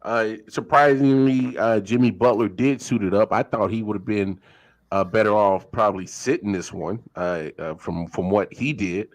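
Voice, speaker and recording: A man hosting a casual late-night sports talk show, animated and filling his talk with hesitations. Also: lowish voice, moderate pace. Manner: animated, hesitant with many fillers.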